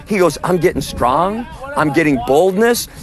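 A man's voice: a little high, expressive, moderate pace. A man preaching in the open air, telling stories emphatically and acting out the dialogue. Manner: storytelling, emphatic, quotes others in dialogue. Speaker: street preacher.

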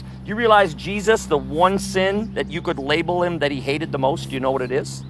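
A street preacher rebukes and argues with a listener, swinging between loud accusations and low, hushed asides. He talks briskly with few pauses over a noisy background.

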